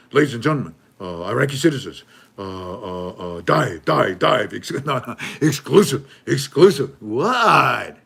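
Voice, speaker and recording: A man's voice: fairly bright tone, slightly rough. A man hosting his channel, reading news articles aloud with casual, mocking commentary and frequent laughs. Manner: joking, mocking, laughs often, acts out officials in a high voice. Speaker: host.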